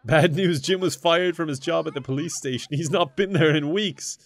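With no room sound audible, a young gaming commentator speaks at a moderate pace in a slightly high voice. His casual commentary is full of laughter, swearing, and jokes aimed at on-screen characters, whom he answers in silly voices.

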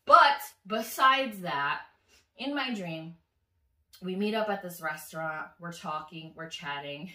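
A woman vlogger telling a story to her viewers in a chatty, animated way, swearing freely. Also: lowish voice, slow, recorded from a distance. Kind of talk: casual storytelling to camera. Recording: echoey room, voice slightly off-mic.

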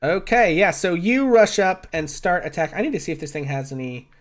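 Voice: medium pitch, lively intonation, brisk. An upbeat game master running a tabletop game for a live stream. The delivery is chatty and playful, with little sound effects dropped in between the rolls.

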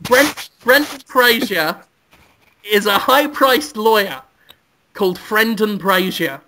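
Comic podcaster, high bright voice, keeps laughing at his own tale. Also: slow pace, slight background noise. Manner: giggly, absurd deadpan pitch. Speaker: podcast co-host. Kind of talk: comic storytelling.

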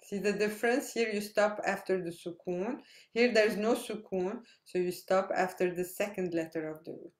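A woman's voice: medium pitch, moderate pace, few pauses, roomy sound. A woman teaching a language lesson, patiently spelling out letters and repeating each word. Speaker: Arabic teacher. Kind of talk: slow explanatory lesson.

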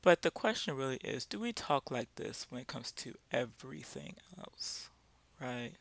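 A man leading a casual Bible study talk, speaking haltingly with many fillers and restarts. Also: mid-range voice, big pitch swings, gravelly, a bit bright, no echo.

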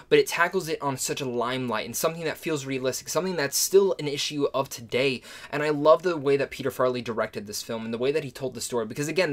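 A man giving a casual spoken film review, enthusiastic and gushing in his praise. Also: mid-range voice. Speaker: movie reviewer.

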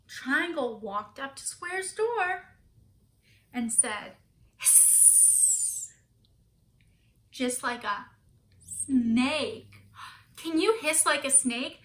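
A woman's voice: sits high, lively intonation, takes it slowly, fairly bright tone, reverberant, a little hiss or hum. A woman teacher reading a picture book aloud to children, asking them questions and gasping for effect.

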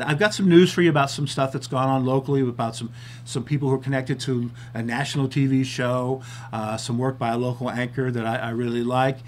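A man's voice: medium pitch, slight background noise. A man hosting his own TV talk show, chatting casually and a bit self-deprecatingly, sometimes out of breath. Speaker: TV show host.

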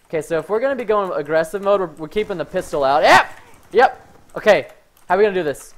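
A man streams his gameplay and talks over it live. His voice is lively and swings between low asides and sudden yelps. He gets hyped and shouts, but keeps his cursing clean with "fudge.". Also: fast. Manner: excitable, yells when hyped, says "fudge" instead of swearing. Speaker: gaming streamer.

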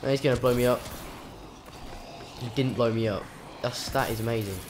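A man's voice: mid-range voice, fairly even intonation, fairly quick, noisy background. A man commentating his own game live, swearing often, with frustrated outbursts and panicked yelps. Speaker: gaming channel host.

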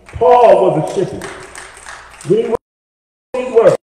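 A man preaching a sermon, building to shouted, half-sung lines and asking the congregation for witnesses. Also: high-pitched, animated, a little slow, a faint crowd. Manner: rising to shouted, half-sung climaxes with congregation call-outs. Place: church sanctuary. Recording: echoey hall with long reverb.

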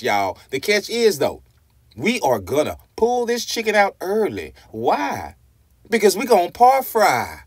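A man's voice: on the high side, dry recording, studio quality. A man hosting a cooking tutorial vlog, enthusiastic and talking straight to his viewers, asking them questions and saying "y'all" in nearly every sentence. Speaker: cooking channel host.

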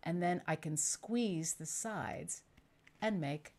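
A middle-aged woman storyteller with a lowish voice leads young children through a simple craft and answers their questions. She is warm and patient, speaking slowly and clearly for little ones.

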